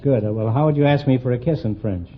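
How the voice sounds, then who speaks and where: A man hosting a quiz show, teasing his contestants with quick punning asides. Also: mid-range voice. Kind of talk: wisecracking quiz show banter. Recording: muffled 1950s broadcast, loud hiss.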